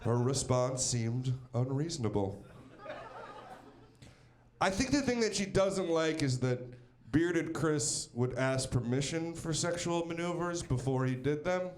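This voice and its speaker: A man's voice: on the high side, animated, measured pace, a little mellow. A man from Pennsylvania doing a stand-up comedy set with a punchy, wry storytelling delivery. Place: comedy stage.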